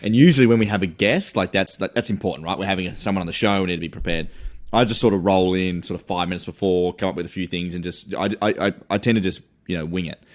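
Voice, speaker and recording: Deep voiced aussie bloke on a podcast, super laid back, lots of "you know" and "like". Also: male voice, quick pace. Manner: laid-back, rambling, many fillers. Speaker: podcast co-host. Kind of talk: casual podcast chat.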